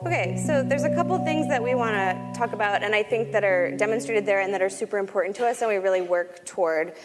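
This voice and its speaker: A woman's voice: medium pitch, fast, big-room sound, music in the background. A woman podcast producer explaining her craft in a conference talk, often checking in with "right?".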